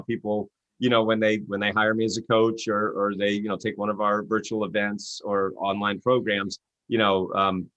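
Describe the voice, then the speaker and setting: A man, an author and coach, telling stories in an interview and acting out quoted voices. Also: no room sound. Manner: animated, acts out quotes with rising pitch. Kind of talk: interview guest storytelling.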